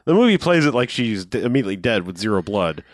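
A man's voice: lowish voice, big pitch swings, fast talker, no echo, studio quality. A man co-hosting a podcast, chatting casually and rambling as he recaps a movie, often mimicking the characters. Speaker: podcast co-host.

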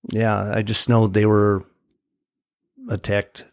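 A man guesting on a casual podcast, speaking haltingly with many ums and uhs. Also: fairly low pitch, completely flat delivery, gravelly, no echo, clean studio sound. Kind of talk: casual chat.

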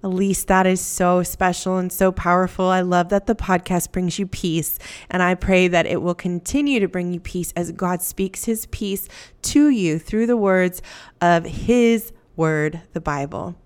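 A woman hosting a podcast, reading listener reviews aloud in a gentle, grateful, upbeat way. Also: lowish voice, fairly even intonation, unhurried, clear, resonant tone. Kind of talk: warm scripted read-aloud of listener reviews.

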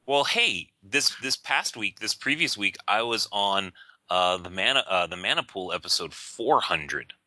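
A man's voice: fairly low pitch, expressive, measured pace, sharp tone, no room sound. A man co-hosting a podcast in casual chat, joking and opinionated, laughing often. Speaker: podcast co-host.

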